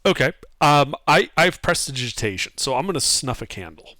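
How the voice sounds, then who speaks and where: A man's voice: on the high side, expressive, brisk, pushed and bright, no room sound. A man taking part as a player in a tabletop game, asking questions casually. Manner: inquisitive, asking many questions.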